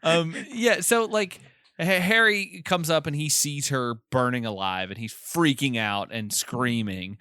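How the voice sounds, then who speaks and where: A man's voice: mid-range voice, a little slow, bright, forceful tone, smooth, no room sound, studio quality. A man co-hosting a podcast, casually recapping a film's plot with amused laughs. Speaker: podcast co-host. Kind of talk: casual film recap chat.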